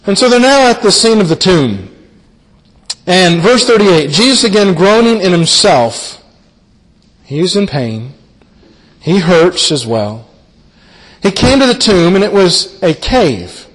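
A man preaching a sermon, earnest and repetitive, who slows down and drops his voice softly for emphasis. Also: high voice, big pitch swings, long reverb tail. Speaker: pastor. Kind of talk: sermon on a Bible passage.

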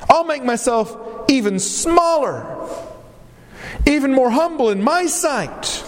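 A humble yet defiant king, spoken by a male preacher, firm and earnest as he answers his wife. The delivery is slow and lively in pitch, and it echoes through a big, reverberant hall. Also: heavily acted. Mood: resolute. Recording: long reverb of a large hall.

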